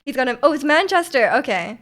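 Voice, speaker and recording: A young woman on stream talks quickly in a high, sing-song voice with a bit of brightness. Reading viewers' chat messages, she rambles casually, full of "like"s and restarts, and she laughs frequently.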